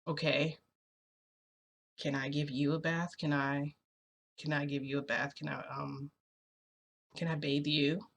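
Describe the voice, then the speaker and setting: A woman voicing a sly, teasing young man who talks in a soft, low, insistent way. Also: level tone, unhurried, vocal fry, long pauses, a little hiss or hum. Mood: coaxing.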